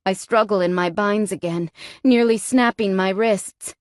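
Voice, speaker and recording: A woman's voice: medium pitch, measured pace, no room sound. A woman narrating a first-person audiobook in a tense, frightened tone, recorded close on a studio mic.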